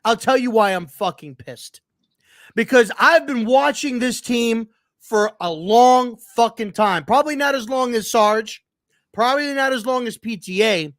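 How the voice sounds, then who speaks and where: Angry high-voiced man, sports show host, slow and dry-sounding, profane and emphatic. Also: fairly bright tone, no room sound. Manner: emphatic, repeats lines, profane. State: angry and frustrated. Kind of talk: heated sports rant.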